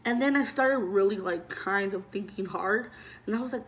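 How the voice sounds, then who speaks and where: A woman's voice: medium pitch, normal speed. Chatty young woman telling a story. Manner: chatty, heavy use of "like" and swearing; animated retelling, voices loud when acting out scenes. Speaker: vlogger. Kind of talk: casual storytime.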